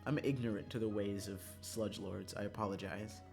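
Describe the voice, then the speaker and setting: A game streamer chatting while playing a visual novel, swinging between loud rants and quiet mumbles, swearing freely and laughing often. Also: sits low, steady tone, moderate pace, gravelly, over music.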